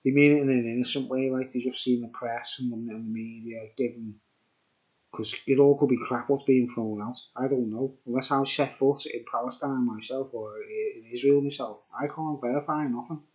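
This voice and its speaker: A tipsy man reviewing beer on his vlog rambles through a casual monologue, circling back to the same points and sprinkling in "mate" and "right?". His voice is medium-pitched, a little mellow and fairly even, at normal speed on lo-fi sound.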